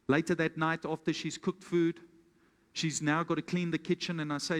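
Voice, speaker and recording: Pastor preaching in a big hall. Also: male voice, a little high, little pitch movement, brisk, a bit bright. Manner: calls out questions to the congregation; tells a storytelling example. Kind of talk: sermon. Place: church hall with congregation. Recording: long reverb of a church hall.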